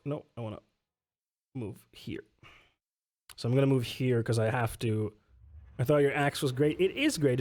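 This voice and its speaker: On stream, a man casually plays through a solo tabletop game, reading the rules aloud, responding to chat, and laughing often. His voice has a medium pitch and a darkish tone.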